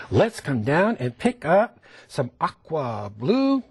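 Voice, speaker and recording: A man teaching a televised painting lesson, gentle and coaxing, often dropping to a whisper as he demonstrates strokes and asks the viewer to look. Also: a little high, big pitch swings, takes it slowly, vocal fry, pauses often, husky. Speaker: painting instructor.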